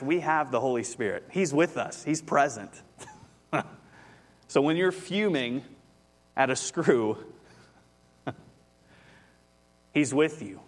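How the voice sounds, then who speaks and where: A man, preaching a conversational sermon as pastor, telling a story and rising with animation. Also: fairly high pitch.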